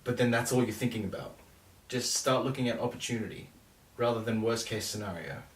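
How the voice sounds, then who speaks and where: A man's voice: fairly low pitch, brisk. A young man with an Australian accent, talking casually and loosely about making his own song. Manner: relaxed, rambling, self-correcting. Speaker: songwriter and producer. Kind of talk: casual vlog talk. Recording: roomy echo, distant mic.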